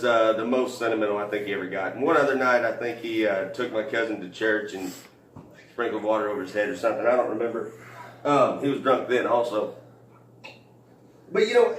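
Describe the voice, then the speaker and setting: Recorded from afar in a roomy space, a medium-pitched man performs stand-up storytelling, wandering through his tales with plenty of fillers and restarts. Some slight hiss or hum is audible.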